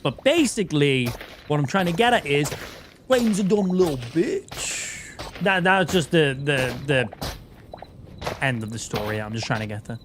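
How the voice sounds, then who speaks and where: A man's voice: on the high side, very animated, a little slow, long pauses, noisy background. A man with an Irish accent doing casual, profane and mocking livestream commentary as he plays a game. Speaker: streamer.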